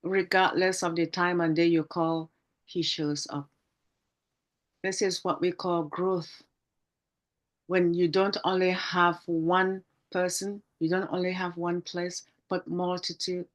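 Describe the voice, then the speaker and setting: A woman with a slightly low voice speaks on a video call. She delivers a tribute in a fervent, preacher-like rhythm and leans on familiar sayings. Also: level tone, takes it slowly. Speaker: panel team member.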